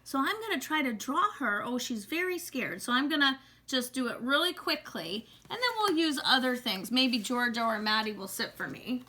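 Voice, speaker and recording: Woman art teacher, high and bright, chatty upbeat delivery in a basement studio. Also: lively intonation, moderate pace, few pauses. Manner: chatty and upbeat, drops to a soft coo when speaking to the animal. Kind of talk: casual online drawing lesson.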